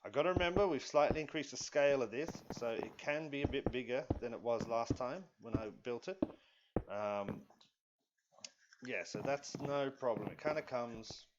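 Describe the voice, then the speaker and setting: A man streaming live, chatting casually and rambling to himself as he builds in a video game, often apologizing. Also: medium pitch. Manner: rambling, self-talking, apologetic. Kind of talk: live gameplay commentary. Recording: dull lo-fi stream audio with loud noise.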